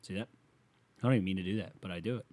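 A man's voice: deep voice, racing, warm tone. A man hosting a solo podcast, ranting in a rambling, profane way, with a slight lisp on his s sounds. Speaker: podcast host.

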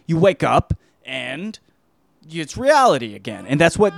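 A man's voice: on the high side, measured pace, creaky, over music. A man hosting a podcast, reviewing a film in a loose, rambling monologue full of swearing and restarts. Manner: loose, profane, animated, trails off often.

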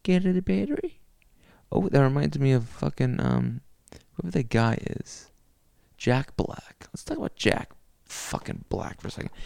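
A man ranting solo into his laptop in a crude, rambling way. He swears constantly, and his voice is strongly gravelly with plenty of vocal fry. His pitch jumps around a lot, and the recording sounds close and dry. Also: dark tone, no room sound. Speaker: podcaster. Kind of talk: profane solo rant. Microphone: laptop mic.

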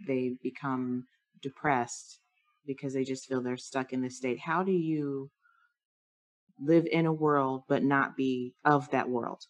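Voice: medium pitch, steady tone, slow. An interviewer asking questions hesitantly, with fillers and restarts.

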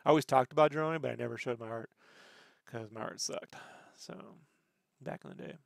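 A man's voice: mid-range voice, brisk, vocal fry, no echo, studio quality. A man hosting a casual chat, telling rambling stories full of swearing. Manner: rambling, profane storytelling. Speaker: podcast host.

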